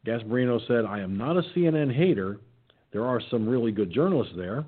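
A man's voice: medium pitch, animated, brisk, husky. A male show host reading news stories aloud and mocking them with sarcastic, swearing asides, yawning and stumbling as he goes. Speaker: internet radio show host. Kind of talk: casual reading and commenting on news. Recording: tinny phone-line sound.

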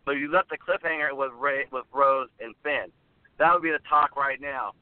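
A man co-hosting a podcast in casual chat, excitable and rambling, sometimes searching for words. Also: medium pitch, normal speed, clear, resonant tone, no echo. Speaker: podcast co-host. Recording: tinny phone-like sound.

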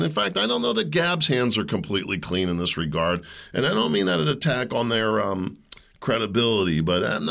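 A man's voice: mid-range voice, creaky, pushed and bright. A man from the United States hosting a podcast of impassioned political commentary, fervent and preachy, firing rhetorical questions and repeating words when heated. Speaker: podcast host.

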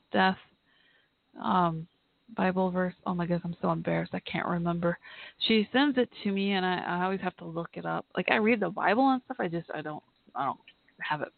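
Woman podcast host, earnest and halting, heartfelt, over a tinny phone line. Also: mid-range voice, gravelly, no echo. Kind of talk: live podcast talk and reading aloud.

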